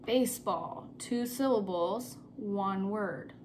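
Slow, patient woman teacher. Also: medium pitch, background noise. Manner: slow, patient, repeats words and spells them letter by letter. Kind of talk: remote spelling lesson for young children.

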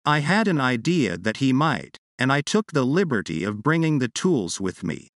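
A man voicing a composed, precise gentleman detective in a story reading, speaking in a measured way. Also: mid-range voice, big pitch swings, no room sound, studio quality. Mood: wry.

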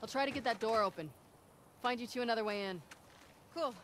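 An actress playing a steady young female militia soldier in a video game, giving calm, low-key orders. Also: fairly quick, a little hiss or hum, lightly acted.

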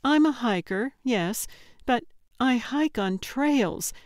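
Samantha: anxious, exasperated young woman, pitched up and louder than the narrator, a woman reading her, smooth clean audiobook. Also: expressive, takes it slowly, no echo, clean studio sound. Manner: exasperated, defensive.

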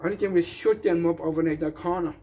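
A man's voice: on the high side, steady tone, brisk, warm tone. A man giving a rambling, defiant public rant, emphatic and repeating himself.

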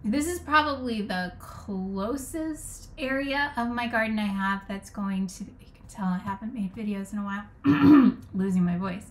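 A woman's voice: mid-range voice, normal speed, hardly any pauses, a bit bright, a little hiss or hum. A woman talking through garden design ideas as a vlogger, thinking aloud with frank opinions and frequent restarts. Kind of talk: casual rambling commentary.

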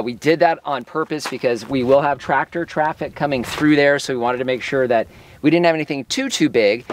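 A man's voice: medium pitch, slight background noise. A man casually narrating a farm vlog outdoors, explaining as he walks, with frequent fillers. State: a little out of breath. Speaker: farm vlogger.

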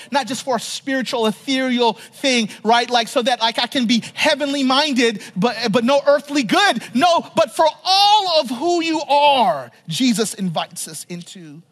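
Pastor preaching with sudden quiet drops. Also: male voice, very high-pitched, animated, normal speed, few pauses. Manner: asks the congregation to fill in words, frequent "right?"; stumbles and repeats words while talking freely. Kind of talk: sermon.

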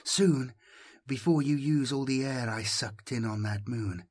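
A sinister, mocking robot voice that purrs and drops into husky half-whispers, as a man puts it on for an audiobook. Low and quiet, with a creeping, unhinged menace. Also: unhurried, no room sound, clean studio sound, close to an everyday voice. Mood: menacing. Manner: purring, hushed, half-whispered.

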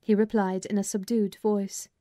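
A woman narrating a dramatized audiobook of a classic novel, with a measured, expressive storytelling manner. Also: mid-range voice, dry recording, studio quality.

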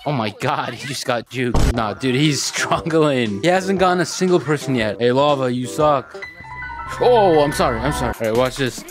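A man giving excited, jokey commentary while playing a VR game, talking into a headset mic. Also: medium pitch, music in the background. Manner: jokey and hyped, quick outbursts. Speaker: gaming YouTuber.

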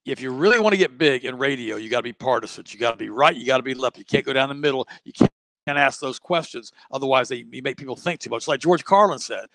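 A man's voice: medium pitch, fast, a bit bright, no room sound. A man speaking as a guest on a talk show, preachy and quoting scripture. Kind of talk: casual chat.

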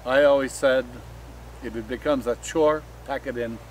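A man's voice: mid-range voice, fairly even intonation, normal speed, a little hiss or hum, low-quality recording. A man from Canada, a polka musician, chatting folksily and cutting in during a casual interview.

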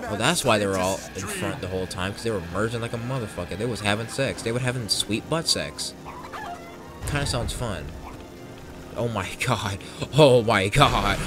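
A young man commentating his racing game run in casual talk, profane and excitable, jumping from yells to low mutters. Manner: profane, excitable, swings between shouting and muttering. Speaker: gameplay commentator. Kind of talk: casual let's play commentary.

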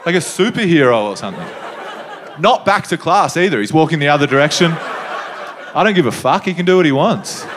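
Laid-back stand-up comedian telling stories. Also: male voice, fairly high pitch, brisk, noisy background. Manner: laid-back storyteller with lively asides. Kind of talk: stand-up storytelling. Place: comedy stage before a live audience.

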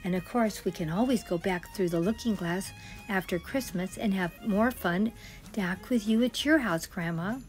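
A woman's voice: medium pitch, normal speed, a little mellow, soft background music, natural voice. A woman voicing a cheerful young girl, Alice, in a sing-song, encouraging way. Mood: reassuring.

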